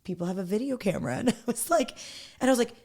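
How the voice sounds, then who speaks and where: A woman's voice: on the high side, expressive, rapid-fire, a little mellow. A woman in her thirties, a podcast guest, telling her story bluntly and candidly, laughing often.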